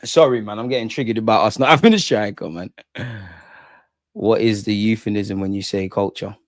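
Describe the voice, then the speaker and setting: A young man who runs a fan channel hosts a casual live stream, reading chat comments and ranting with jokes thrown in. His voice is lowish and fairly quick, captured in a dry, studio-quality recording. He's animated, swinging between ranting and joking with chat.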